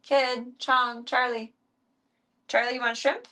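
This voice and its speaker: A young woman streaming casually, chatting as she feeds her pets and calling to them in a high coaxing voice. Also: little pitch movement, slow, pushed and bright. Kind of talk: casual chat while feeding pets.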